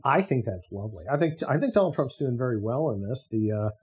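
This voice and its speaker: Husky guy hosting his podcast, swearing a lot, sarcastic rant. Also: medium pitch, big pitch swings, fast talker, darkish tone. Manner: sarcastic, profane ranting. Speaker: podcast host. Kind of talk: casual monologue.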